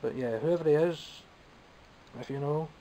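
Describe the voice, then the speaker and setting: Fairly high-pitched and mellow, this Scottish toy-collector vlogger chats at a moderate pace during an easygoing show-and-tell, being self-deprecating about his purchases. It's a rough recording with slight background noise.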